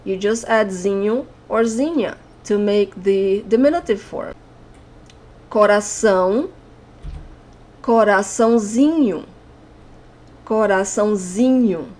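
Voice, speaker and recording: A woman's voice: medium pitch, slow, long pauses, a little mellow. A young Brazilian woman with a Brazilian accent teaching an online language lesson, patiently repeating example words.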